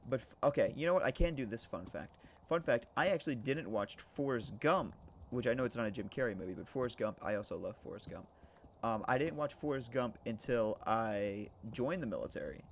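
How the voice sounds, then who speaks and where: During a game stream, a man rambles casually to his viewers, talking to chat, joking, swearing, and laughing often. His mid-range voice is animated and a little fast, with slight background noise behind it.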